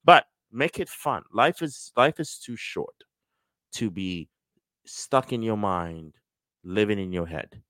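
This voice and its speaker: A middle-aged man giving a casual motivational talk on sales and business, lively and acting out quoted voices. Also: lowish voice, takes it slowly, no room sound. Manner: animated, acts out quoted voices.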